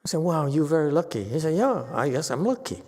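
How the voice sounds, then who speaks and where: A man's voice: on the high side, big pitch swings, fast talker, darkish tone. A man giving a casual Buddhist dharma talk as teacher, chatty and teasing, laughing often. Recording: reverberant hall.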